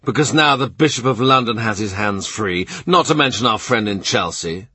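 Storybook role: a man playing a blunt, weary lawyer, low and husky. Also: animated, moderate pace, pushed and bright, no echo, heavily acted. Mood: gloomy. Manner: dry, gloomy, blunt. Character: weary worldly middle-aged lawyer.

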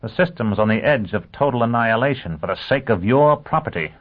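A man voicing a forceful, impatient male intelligence chief who barks in a raised voice, in an audiobook reading. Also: mid-range voice, animated, brisk, pitched above the performer's own voice, lightly acted. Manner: barking, raised voice. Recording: tinny phone-like audio.

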